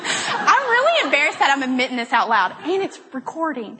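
A woman's voice: high voice, lively intonation, heavy background noise. A young woman giving a rambling, self-deprecating testimony talk at a church gathering. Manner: chatty, rambling, self-deprecating and quick to laugh. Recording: long reverb of a hall.

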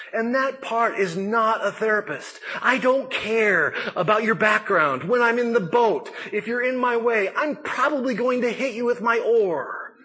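Husky high-voiced man preaching casually. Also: moderate pace. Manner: conversational, self-deprecating, animated asides. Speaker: pastor. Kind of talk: casual sermon talk.

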